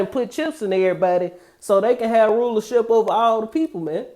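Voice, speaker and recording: A man reading scripture verses slowly, then breaking into loose, profane street-slang commentary and calling listeners "man" again and again. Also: high voice, a little mellow. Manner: addresses listeners with a repeated "man". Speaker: scripture teacher.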